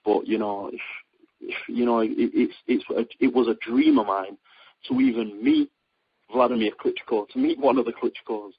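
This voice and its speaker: Man, young, from Britain, husky, lowish voice, rambling with fillers, dull lo-fi line. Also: moderate pace, dry recording. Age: young adult. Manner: rambling, many fillers and restarts, excitable when storytelling. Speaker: boxer being interviewed. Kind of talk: casual phone interview.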